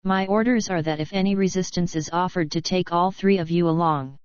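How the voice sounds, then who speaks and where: A woman's voice: fairly low pitch, smooth, no echo, close to an everyday voice. A woman reading a cold, curt young army captain. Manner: dry, clipped and deliberate. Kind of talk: audiobook narration. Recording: dull, dry recording.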